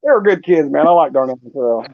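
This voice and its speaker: A man tells profane stories in a casual live chat, and his voice runs high and swings widely. The sound is dry, dull and lo-fi. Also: fast talker, vocal fry, no echo. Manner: profane, animated storyteller. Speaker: channel host.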